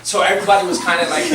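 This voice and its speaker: Young male preacher, animated storyteller, high voice, echoey hall, mic set at a distance. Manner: animated storytelling, laughing, lots of fillers. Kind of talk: sermon. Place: church hall.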